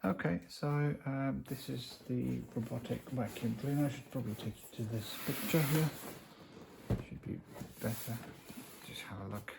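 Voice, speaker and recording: A man's voice: mid-range voice, normal speed, gravelly. A man casually unboxing a gadget, rambling with many fillers as he reads the specs off the box aloud. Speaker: unboxing vlogger. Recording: noisy home recording.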